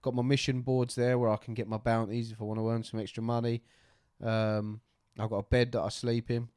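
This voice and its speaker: A man's voice: mid-range voice, little pitch movement, brisk, darkish tone, clean tone, dry recording, clean studio sound. A man co-hosting a podcast, casual chat, rambling and jokey with loose swearing. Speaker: podcast co-host.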